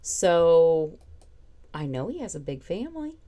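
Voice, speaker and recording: A woman's voice: fairly low pitch, sing-song, measured pace, dark tone. A woman hosting a podcast, chatting casually, laughing and trailing off mid-sentence. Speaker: podcast host. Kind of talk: casual chat.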